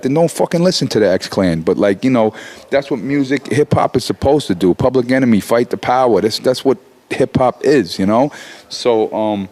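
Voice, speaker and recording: A man's voice: mid-range voice, normal speed. A man in his forties, a rapper talking as an interview guest, swearing freely and restarting his sentences as he gets worked up. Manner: animated, swearing, many restarts. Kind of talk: profane casual interview talk.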